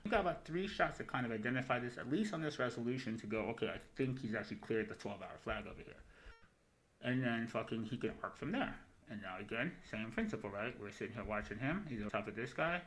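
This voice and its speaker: A crypto trading show host, a man with a medium-pitched, fairly bright voice and lively intonation, talks over market charts on his livestream, though the audio is poor. He goes fast and profane, wandering as he speaks and sprinkling "right?" after his points in casual commentary.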